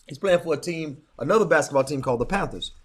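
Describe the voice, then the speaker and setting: Middle-aged male co-host, casual chat, animated storyteller who repeats himself, lively pitch, slightly high voice. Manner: animated storyteller, repeats words, quick laughs. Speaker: podcast co-host.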